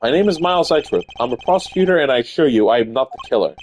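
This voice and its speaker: A man voicing a composed, formal young male prosecutor, deeper than his own voice, in a stiff, proper way. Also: lively intonation, rapid-fire, a little mellow, a little hiss or hum, close to an everyday voice. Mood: indignant. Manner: stiff, proper, brooding inner monologue. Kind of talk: game voice-over dub on stream.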